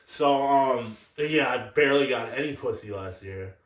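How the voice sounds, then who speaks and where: A man's voice: medium pitch, normal speed, recorded from a distance. Crude, rambling young man in an echoey room. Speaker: podcast co-host. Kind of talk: casual chat.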